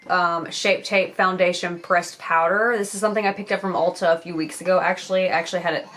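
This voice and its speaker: A woman's voice: on the low side, steady tone, quick pace, fairly bright tone. A young woman chatting candidly as a beauty vlogger while she does her makeup, swearing casually as she goes.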